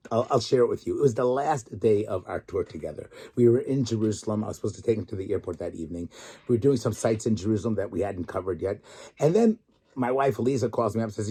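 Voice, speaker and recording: A man's voice: lowish voice, breathy edge. A middle-aged man, a rabbi and tour guide living in Israel, giving a weekly Torah talk full of stories and acted-out quotes. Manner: animated storyteller, acts out quotes.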